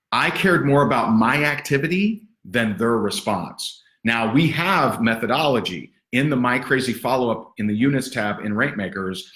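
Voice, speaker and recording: A man giving livestream sales training in an energetic, sarcastic, punchy motivational way. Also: fairly low pitch, normal speed, few pauses. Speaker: network marketing trainer. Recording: roomy echo.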